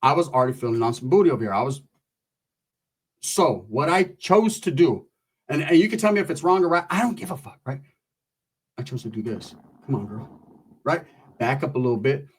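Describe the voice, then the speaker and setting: A man from California telling a profane story and acting out the people in it with animated voices. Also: on the high side, a little fast, slightly rough. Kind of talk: storytelling stand-up.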